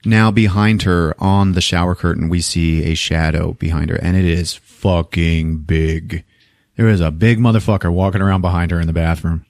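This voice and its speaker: At a normal speed and in a deep voice, this man co-hosts a podcast where he recaps a movie scene after scene. His talk is casual and full of swearing, and he animatedly performs the characters' lines in their voices. The studio sound is clean and dry.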